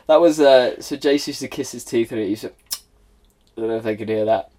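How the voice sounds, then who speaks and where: Welsh male guest, 30s, middle-pitched voice, animated anecdotes with frequent laughter. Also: normal speed. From Wales. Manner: animated storyteller, laughs often. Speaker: guest, former footballer. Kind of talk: casual chat.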